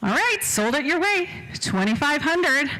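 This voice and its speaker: A woman running a live charity auction, rattling off bids fast and joking with the crowd. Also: high voice, sing-song, pushed and bright, rough recording. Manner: rapid bid calling, joking with the crowd. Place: event hall.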